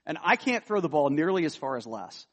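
A man's voice: on the high side, sing-song, fairly quick. A man, a pastor preaching a conversational sermon that rises with emphasis when he reads scripture.

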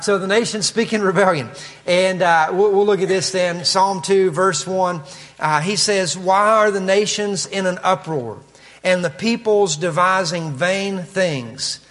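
Kentucky man, pastor, chatty sermon with asides, higher voice. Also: a bit bright, in a large hall. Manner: conversational, with asides and frequent "uh". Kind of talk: expository sermon.

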